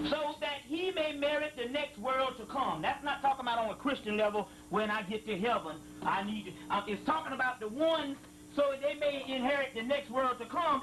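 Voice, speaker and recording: Male lecturer, high pitched, emphatic slow reader who stops to explain each passage and checks in with the room. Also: fairly bright tone, slight background noise, poor audio. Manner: slow emphatic reading of quotes, frequent "you see what I'm saying". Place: lecture hall with live audience.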